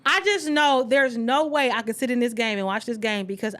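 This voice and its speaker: A woman's voice: fairly high pitch, a little fast, hardly any pauses. A woman telling a story in casual chat, acting out every quote with animation. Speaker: podcast co-host.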